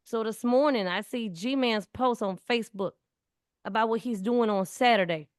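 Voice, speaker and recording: A community speaker in her forties talks in casual conversation in an earnest, emphatic way, frequently repeating words. Her voice is on the high side, at normal speed, with a clear, resonant tone. The studio recording is clean, with no room sound.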